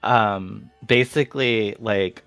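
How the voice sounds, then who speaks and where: A man's voice: lowish voice, takes it slowly, a bit bright, clear, resonant tone, no echo, faint music behind. A man playing a tabletop game, describing his character's actions hesitantly and with many fillers. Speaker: player.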